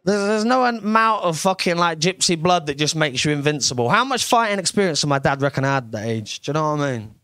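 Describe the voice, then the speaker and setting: A man's voice: fairly high pitch, lively intonation, fast, hardly any pauses, fairly bright tone, clean tone, dry recording. A young man doing a brash, sweary stand-up comedy set on a club stage.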